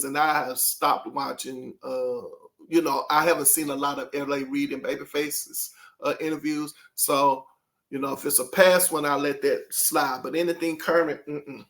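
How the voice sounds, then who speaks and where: A man's voice: on the high side, vocal fry, fairly bright tone. A man hosting his own channel, talking casually and rambling to his viewers, throwing out rhetorical questions. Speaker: channel host.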